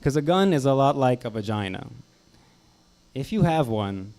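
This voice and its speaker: A man in his late twenties works a comedy club crowd with dry, self-deprecating bits. His voice sits at an ordinary middle pitch. He talks into a handheld mic from the stage. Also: very animated, normal speed, a little mellow. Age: 20s. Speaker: stand-up comedian. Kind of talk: stand-up set.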